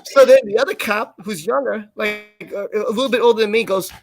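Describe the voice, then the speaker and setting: A man co-hosting a live stream, casually telling a personal story in an animated way and acting out the quoted lines. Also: high voice, brisk, gravelly, slight background noise.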